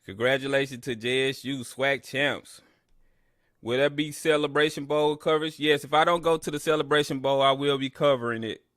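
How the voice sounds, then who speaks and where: A man with a medium-pitched, slightly bright voice and fairly even intonation talks a little fast, recorded in clean studio sound with no room sound. Hosting a live sports listen-along, he chats casually with his audience, boasts at rivals, then rants at the broadcaster, addressing chat directly.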